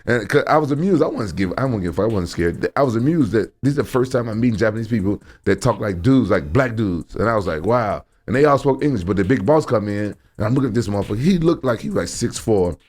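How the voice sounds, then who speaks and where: Man, podcast guest, casual storytelling, animated, swears a lot, repeats words. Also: lowish voice, fast talker, hardly any pauses.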